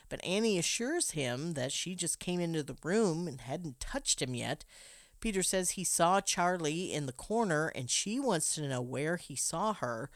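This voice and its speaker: A woman's voice: deep voice, no room sound, studio quality. A woman recapping a film plot for a podcast, telling the story with joking asides. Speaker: podcast co-host. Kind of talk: movie plot recap and casual chat.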